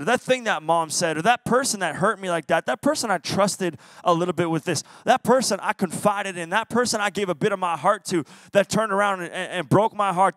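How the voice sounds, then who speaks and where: A young man, a youth pastor, giving a lively sermon to teens and playfully acting out quotes. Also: high-pitched, no echo. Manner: playful, acts out voices and quotes. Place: church youth service.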